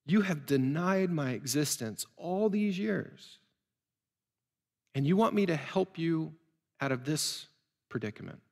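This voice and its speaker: A preacher voicing a slow stern voice from heaven. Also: male voice, on the high side, expressive, creaky, big-room sound. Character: stern voice of God from heaven, male.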